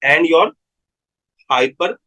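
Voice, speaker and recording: Husky Indian man quizzing medical students. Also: a little high, lively intonation, brisk, bright, forceful tone, low-quality recording. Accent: Indian English. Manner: repeats key terms, quizzes students. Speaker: medical lecturer. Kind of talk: live online medical lecture.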